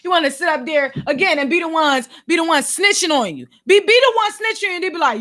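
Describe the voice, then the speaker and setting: A woman with a Philadelphia accent delivering an exasperated, animated rant as a vlog host, heavy on slang. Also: extremely high pitch, fast talker, hardly any pauses. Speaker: vlogger and podcast host. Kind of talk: ranting commentary.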